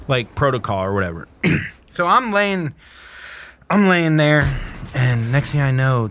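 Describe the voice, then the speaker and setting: Profane, animated man telling a story. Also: medium pitch, a little hiss or hum. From small town. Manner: animated, profane, laughing through his story. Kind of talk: casual storytelling.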